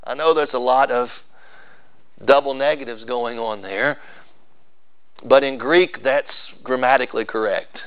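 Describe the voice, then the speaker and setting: A man's voice: mid-range voice, a little slow, pauses often, smooth, highs cut off. A male pastor, preaching a sermon with emphatic, building repetition.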